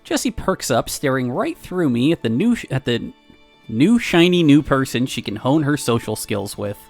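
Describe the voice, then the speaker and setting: A man streamer reading a visual novel aloud with wry, animated storytelling. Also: medium pitch, normal speed, faint music behind.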